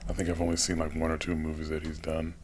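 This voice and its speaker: A man with a very low, deep voice chats casually as a podcast co-host. He explains his opinions at length in a relaxed way. A faint hiss of noise sits under the recording. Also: fast. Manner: relaxed, explains at length, frequent agreeing murmurs. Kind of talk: casual movie discussion.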